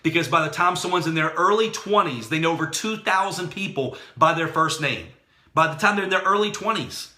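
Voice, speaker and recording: A middle-aged man giving an energetic, storytelling motivational sales talk. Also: on the high side, brisk, reverberant. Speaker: network marketing trainer.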